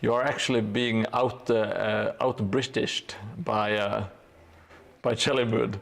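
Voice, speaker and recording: A man streaming while he paints, chatting casually in a halting way with dry, sarcastic jokes. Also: on the low side, fairly even intonation, gravelly, a bit bright. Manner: halting, with many hesitations. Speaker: hobby streamer painting a gaming board.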